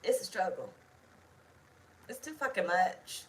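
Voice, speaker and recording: A woman's voice: on the low side, big pitch swings, unhurried, slight background noise. A woman talking casually as a tarot reader, blunt, chatty and full of swearing. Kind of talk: casual tarot video chat.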